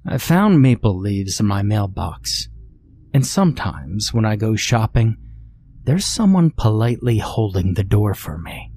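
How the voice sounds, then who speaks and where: A man narrating a horror story in a measured, deadpan way. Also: on the low side, soft background music.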